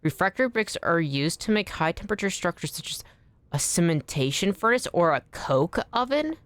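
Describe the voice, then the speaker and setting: Chatty low-voiced woman streaming a game. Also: very animated, normal speed, dry recording. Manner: chatty, rambling, swears casually. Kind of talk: casual gaming stream chat. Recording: faint background music.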